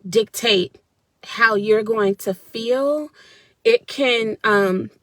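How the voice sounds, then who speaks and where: Woman doing a live stream, slow and earnest, talks right to her viewers, dry close sound. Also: on the high side, fairly bright tone, dry recording. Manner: earnest and spiritual, addresses viewers directly. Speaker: wellness speaker. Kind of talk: live-streamed motivational talk.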